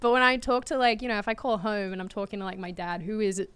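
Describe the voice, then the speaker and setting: Young Australian woman guest, fast and animated, dry close sound. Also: mid-range voice, clean tone, no echo. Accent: Australian, partly Americanized. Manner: quick, animated, self-deprecating. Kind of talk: casual panel chat.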